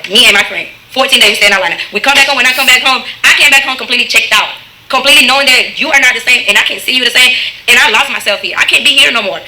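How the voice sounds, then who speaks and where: A woman's voice: fairly high pitch, very fast, pushed and bright. A woman intensely telling her own story of a relationship, speaking straight to her listeners. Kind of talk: emotional personal storytelling.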